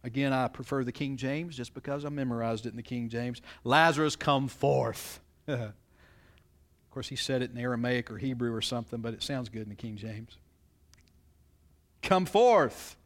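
A mid-range, steady-toned pastor preaches fast with few pauses. He reads scripture aloud, explains it in expository fashion, and often asks the congregation rhetorical questions during the sermon.

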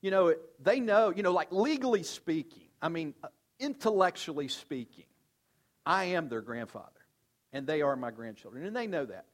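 A man's voice: lively intonation, normal speed. Older male pastor preaching earnestly. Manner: earnest, conversational preaching, drops to soft low tones for emphasis. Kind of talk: sermon.

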